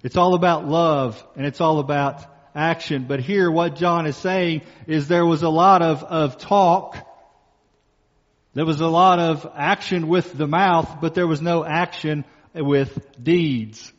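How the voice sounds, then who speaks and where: Preaching in what seems to be a church hall, a male pastor speaks with a slightly high voice and fairly even intonation. He hits key phrases emphatically, slowing and repeating them for effect, while somewhat muffled audio carries a long reverb tail after every line.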